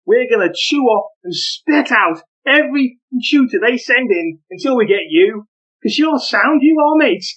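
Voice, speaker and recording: A man's voice: extremely high pitch, animated, moderate pace, a bit bright, slightly rough, pitched above the performer's own voice, full character voice. A man voicing a gang of rowdy teenage Liverpool lads with a Scouse accent, in muffled lo-fi audio. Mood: cocky.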